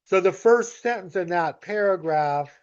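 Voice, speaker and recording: A man with a slightly high voice explains a grammar exercise at a very slow, deliberate pace. He sounds like a patient teacher talking students through each step. The recording is dull and lo-fi. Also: expressive, smooth. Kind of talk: recorded grammar lesson walkthrough.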